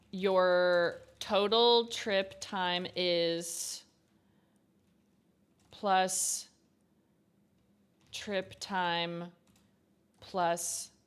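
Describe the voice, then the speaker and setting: A young woman works through coding exercises on a casual stream. She mutters to herself and reads lesson text aloud at a middling pitch, with a relaxed, unhurried manner. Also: clean tone. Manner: thinking aloud, reading code and lesson text half to herself.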